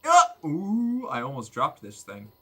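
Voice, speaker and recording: A man streaming a game, giving excitable, joking commentary with crude humor. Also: medium pitch, normal speed. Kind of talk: gameplay commentary.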